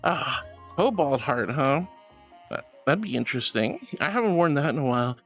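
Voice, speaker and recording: A man's voice: medium pitch, very animated, moderate pace, fairly bright tone, soft background music. A man streaming casually, reading viewer messages aloud and calling them sweetheart and honey in a gushing, playful way.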